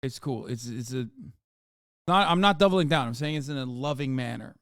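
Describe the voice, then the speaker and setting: A man in his thirties streaming live, reacting to posts with profane, mocking commentary that swings from loud outrage to mumbled asides. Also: medium pitch, normal speed, no room sound, studio quality.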